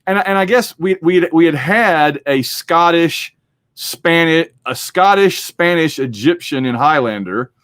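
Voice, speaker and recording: A man with a somewhat high voice hosts a podcast. He talks in a loose, rambling way and keeps slipping into little acted-out quotes. The sound is dry and close. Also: animated, a little slow, a bit bright, no echo. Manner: rambling, chatty, acts out quotes. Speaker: podcast host. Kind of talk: casual movie discussion.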